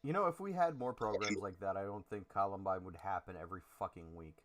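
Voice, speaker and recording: A man's voice: low-pitched, fast talker, fairly bright tone. A man co-hosting a podcast in casual chat, speaking emphatically and provocatively as he rants. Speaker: podcast co-host.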